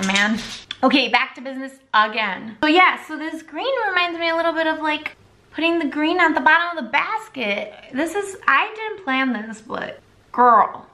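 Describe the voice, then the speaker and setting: Bright, chatty young woman. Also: sits high. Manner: chatty and rambling, switches to baby talk with her dog. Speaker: makeup vlogger. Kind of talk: casual makeup tutorial chat. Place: her home.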